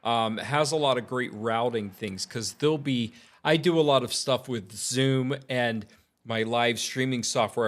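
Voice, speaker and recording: A man's voice: medium pitch, fairly bright tone. A man rambling casually about audio gear and his plans, with lots of fillers and easy laughter. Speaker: tech vlogger. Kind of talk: casual vlog chat.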